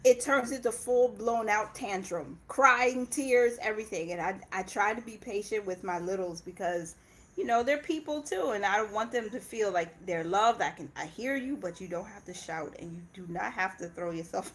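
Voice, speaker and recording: A woman's voice: mid-range voice, normal speed, fairly bright tone. A young woman from Indiana chatting casually on a livestream, laughing often and breaking off to talk to her kids. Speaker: personal finance channel host.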